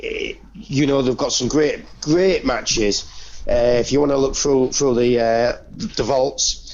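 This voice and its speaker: A man with a gravelly voice co-hosting a casual podcast, talking loosely and straight to the listeners. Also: mid-range voice, slow pace, darkish tone, highs cut off, a little hiss or hum. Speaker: podcast co-host.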